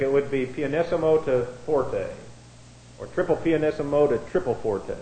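A man preaching a sermon as pastor, blunt and digressive, with many restarts and swings from quiet asides to loud emphatic lines. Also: fairly high pitch, lo-fi sound. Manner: blunt, digressive, with frequent restarts and a dry chuckle. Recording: echoey room.

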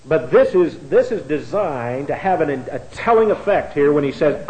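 A fairly high-voiced male pastor preaching in a roomy, echoing hall. He talks bluntly and wanders off into asides, restarting his sentences, then swings from quiet remarks to loud, emphatic lines. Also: big pitch swings, moderate pace, few pauses, muffled recording. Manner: blunt, digressive, with frequent restarts and a dry chuckle. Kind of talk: sermon. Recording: echoey room.

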